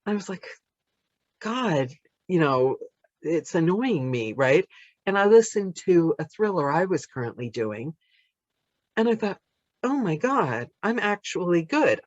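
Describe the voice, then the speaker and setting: An American woman, an audiobook narrator, chatting casually on a podcast in an animated, rambling, self-deprecating way. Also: on the low side, unhurried, pauses often, no echo, muffled recording. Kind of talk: casual chat.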